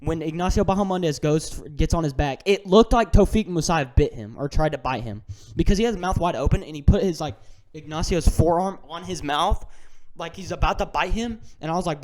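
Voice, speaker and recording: Excitable young man ranting about fights. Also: fairly high pitch, brisk. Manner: excitable, ranting, slangy, swings from mutters to shouts. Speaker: MMA fan vlogger. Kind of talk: casual fight breakdown.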